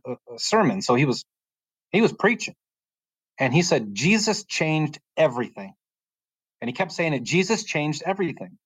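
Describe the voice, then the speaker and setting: Speaking from his bedroom, a man recounts his faith story as a podcast guest, rambling earnestly and restarting sentences frequently. He has a medium-pitched voice. There's no room sound, though the recording is rough.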